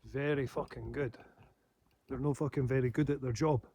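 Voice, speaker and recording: A man's voice: medium pitch, steady tone, moderate pace, dark tone, slight background noise. A man rambling in a casual monologue, swearing heavily and laughing to himself. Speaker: paranormal channel host.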